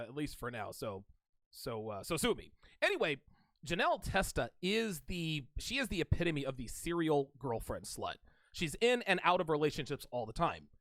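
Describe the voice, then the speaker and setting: A man with a fairly high, very lively voice talks straight to the camera from a solo home setup. He swears freely and restarts his sentences often. The sound is dry and close. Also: no room sound. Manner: animated and profane, with frequent restarts. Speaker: host of a commentary channel. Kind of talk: casual storytelling and commentary monologue. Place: solo home studio with a fan nearby.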